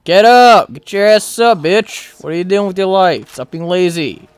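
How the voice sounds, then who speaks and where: A video game player giving live gameplay commentary, frustrated and swearing, swinging between loud outbursts and low muttering. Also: expressive, moderate pace, clean tone, dry recording.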